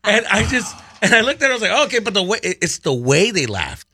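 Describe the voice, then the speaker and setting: A man's voice: sits high, very animated, fast, crowd noise. A man telling a personal story in casual radio-show chat, laughing often as he talks. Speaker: guest.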